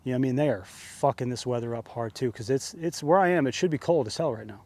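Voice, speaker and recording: Speaking fast in a medium-pitched, darkish voice, this man is a vlogger in full angry rant mode outdoors under an open sky. Sweaty and fired up, he swears heavily and keeps repeating himself to drive the point home.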